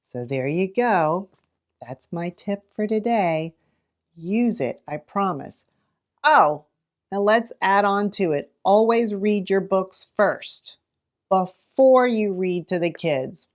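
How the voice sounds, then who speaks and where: A middle-aged woman teacher giving read-aloud tips, animated and dramatic, with sudden gasps. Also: mid-range voice, slow pace. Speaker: teacher and children's librarian.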